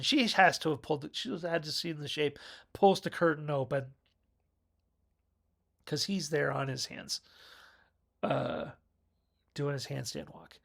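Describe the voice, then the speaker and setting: A man's voice: a little high, creaky, a bit bright. A man rambling through a casual, jokey film review on his own video channel.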